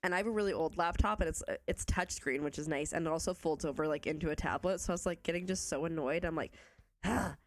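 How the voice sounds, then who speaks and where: A woman's voice: low voice, quick pace, few pauses, a little hiss or hum. Chatty Canadian woman streaming a game. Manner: chatty, rambling, reads chat aloud, laughs often. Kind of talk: casual chat while playing a game.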